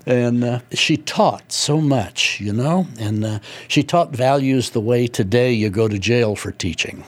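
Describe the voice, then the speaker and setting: A man's voice: medium pitch, unhurried, hardly any pauses. An older man from Indianapolis, an author being interviewed, telling rambling folksy anecdotes with many fillers. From Indianapolis, USA. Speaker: author guest. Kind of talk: conversational storytelling.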